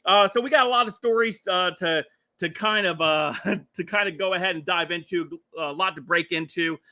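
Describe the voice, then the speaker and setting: A man's voice: high voice, normal speed, bright, forceful tone. A middle-aged man hosting a casual commentary livestream, rambling and chuckling with lots of filler words. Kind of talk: casual political commentary stream.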